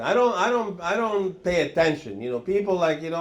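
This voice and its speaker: A man performs stand-up comedy in a rambling, meandering way. His voice sits high for a man, and he chuckles as he talks, often trailing off into hesitant pauses before landing the joke. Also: sing-song. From Lebanon. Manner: rambling, chuckling through lines, many hesitations. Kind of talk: stand-up routine.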